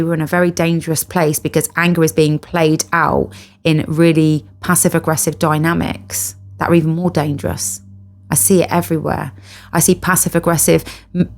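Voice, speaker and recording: A middle-aged British woman talking earnestly to camera about spiritual healing, stressing and repeating her key phrases. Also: low-pitched. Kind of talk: casual monologue to camera.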